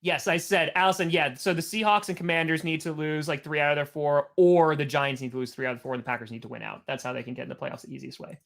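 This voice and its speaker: This man talks fast in a fairly high, creaky voice, hardly pausing at all. While hosting a live stream, he calls the action and rambles through a story, casual and animated, with "like" cropping up again and again.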